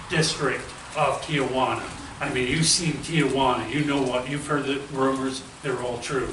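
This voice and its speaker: A man of middle pitch hosts a loose, rambling interview and keeps tacking "right?" onto his sentences. He sits away from the microphone in an echoey room with a steady hiss of noise behind him. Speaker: interviewer host. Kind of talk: casual interview. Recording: echoey room, far from the mic, noisy.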